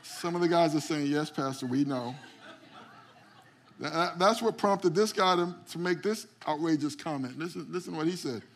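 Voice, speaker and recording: A man on the high side of pitch preaches as pastor in a church sanctuary at normal speed, with a little hiss or hum in the recording. He calls out to his congregation and often repeats words at the start of a phrase.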